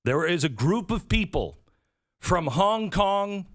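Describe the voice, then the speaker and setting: A man's voice: high-pitched, animated, slow, no room sound. A man hosting a political talk show, sarcastic and prone to acting out the voices he quotes, on a studio mic. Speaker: radio show host.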